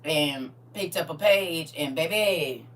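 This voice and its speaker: A woman leads a live-streamed Bible lesson with a bright, forceful voice, her tears close to the surface. She talks to her viewers in a chatty, animated way, calling them baby and honey. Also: deep voice, takes it slowly, distant mic. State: tearful, emotional. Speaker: Bible study host.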